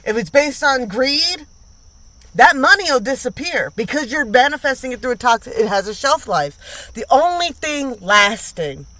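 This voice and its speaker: A woman reads tarot in a casual, unscripted way, with a bright, sharp edge to her voice. She talks bluntly, piles up slang and swearing, and hammers her points home by repeating them. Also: sits high, very animated, moderate pace, no room sound. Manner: emphatic, blunt, repeats lines for emphasis; slangy and profane. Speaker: tarot reader.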